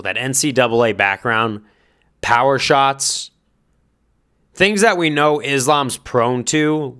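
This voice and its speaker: Smooth-voiced man musing on fights. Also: mid-range voice, pushed and bright. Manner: speculative, hedging, thinking aloud; addresses fighter directly with advice. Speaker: fight commentary vlogger. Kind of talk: casual spoken commentary.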